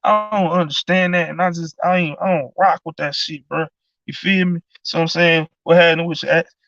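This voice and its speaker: Man, angry casual sports vlog rant, cussing, gravelly voice, dry dull recording. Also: on the high side, level tone, normal speed, a bit bright, dry recording, faint music behind. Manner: heated, profane, repeats "you know what I'm saying". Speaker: sports commentary vlogger. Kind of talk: casual ranting commentary.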